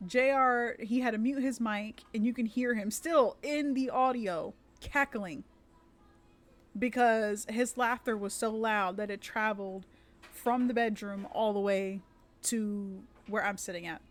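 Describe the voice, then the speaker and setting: A woman's voice: fairly high pitch, steady tone, measured pace. A woman who runs tabletop games, chatting casually on a live stream, rambling with many fillers and restarts. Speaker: streamer and dungeon master.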